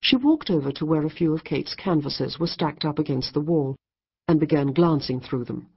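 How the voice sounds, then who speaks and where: A woman narrating a comic novel in a wry, measured storytelling manner. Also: deep voice, lively intonation, husky, muffled recording. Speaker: audiobook narrator. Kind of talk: scripted narration.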